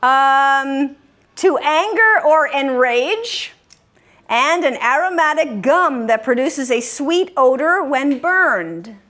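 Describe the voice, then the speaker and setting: A woman's voice: high-pitched, lively intonation, slow pace, a bit bright. A woman hosting a live word game for seniors, patiently giving clues and repeating the answers back. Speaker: quiz host. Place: common room of a senior-living community.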